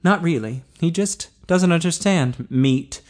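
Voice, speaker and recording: A troubled young inmate from an audiobook, voiced by a man. He talks quietly and earnestly, close to the narrator's own voice but a little lighter. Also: on the high side, measured pace, pitched above the performer's own voice, close to an everyday voice.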